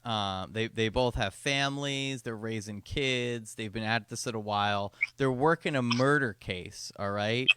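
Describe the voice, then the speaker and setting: A young man with a bright, forceful voice talks through a pitch in a loose, rambling way, stumbling over his words and starting again. He is a podcast host chatting casually with a friend over a call. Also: measured pace, hardly any pauses, slight background noise. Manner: rambling, restarts, pitching an idea. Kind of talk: casual chat.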